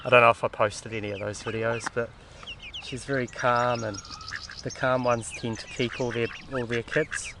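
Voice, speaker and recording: A mid-pitched man rambles in an unhurried vent, trailing off and tacking "eh?" onto his thoughts. He turns soft and cooing when he speaks to the ducks. Clear outdoor ambience runs under the whole recording. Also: little pitch movement, noisy background. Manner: loose and rambling, full of fillers and tag "eh?"; coos softly to the ducks. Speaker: vlogger.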